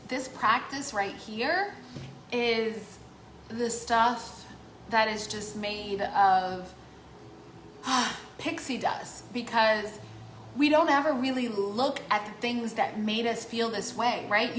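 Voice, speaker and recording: Animated woman life coach, echoey room. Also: on the high side, slight background noise. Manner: animated, acts out quoted voices. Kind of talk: casual vlog talk.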